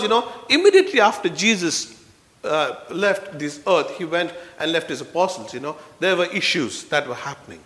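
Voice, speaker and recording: A man preaches a sermon in a church. His voice is high and bright, and the room gives a long reverb. He is earnest and swings from hushed passages to forceful peaks. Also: very animated, normal speed. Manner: earnest, swings from soft low passages to loud emphatic ones.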